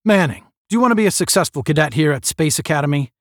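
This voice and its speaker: Sarcastic space-cadet captain, read by a man, deep, clipped and lively in pitch, bone-dry sound. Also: fast, no room sound, close to an everyday voice. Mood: stern. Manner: barking, clipped commands. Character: stern male space academy captain, cold and sarcastic.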